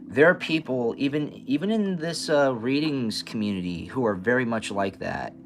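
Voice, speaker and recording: A man hosting a live stream, ranting in an animated, passionate way and stuttering and restarting often. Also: mid-range voice, moderate pace. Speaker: live stream host giving readings. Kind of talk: casual live-stream rant. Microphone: camera mic, moves the camera around.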